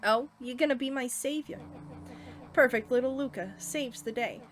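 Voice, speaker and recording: A woman's voice: sits high, moderate pace, lightly acted. A woman voicing a dejected, resentful young male monster in a game she reads aloud. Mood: bitter. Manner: sullen, resentful.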